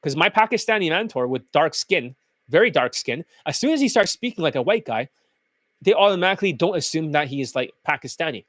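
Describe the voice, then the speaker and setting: A man's voice: a little high, lively intonation, fairly quick, fairly bright tone, no room sound. A man who coaches dating, talking in a blunt, crude and scornful rant. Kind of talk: profane ranting monologue.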